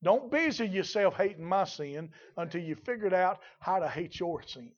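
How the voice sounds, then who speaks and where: A male preacher with a high voice delivers a sermon, shifting from calm, quiet explanation to loud, slow, shouted passages. The recording sounds muffled and dull. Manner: swings from quiet teaching to shouted, drawn-out exclamations.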